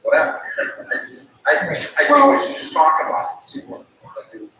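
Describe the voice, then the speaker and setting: A man's voice: high-pitched, very animated, fairly quick, pushed and bright. A man on a town board talking loosely and easygoing, trailing off now and then. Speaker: board member. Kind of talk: casual meeting discussion. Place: town meeting room. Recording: very echoey room, distant mic, faint noise.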